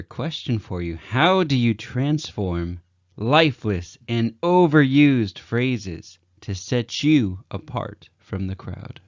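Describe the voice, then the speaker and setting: Lively man coaching on communication. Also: no room sound, dull audio. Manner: energetic, acts out examples with big pitch swings. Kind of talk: casual advice talk to camera.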